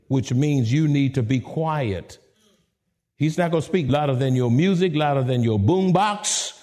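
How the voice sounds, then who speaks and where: A male pastor preaching a sermon, swinging from soft hushed lines to sudden high exclamations. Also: measured pace.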